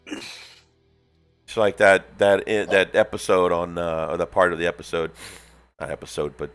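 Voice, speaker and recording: A man co-hosting a casual chat, telling a story with lively impressions. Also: a little slow, clean tone, faint music behind. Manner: animated storytelling, swings into loud high impressions. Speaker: podcast co-host. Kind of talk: casual chat while painting miniatures.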